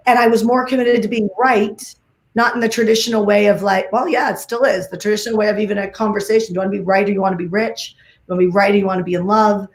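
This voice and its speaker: A woman giving an energetic talk on a video call, emphatic and full of repeated phrases and "like"s. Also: medium pitch, fast talker, reverberant. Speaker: guest speaker.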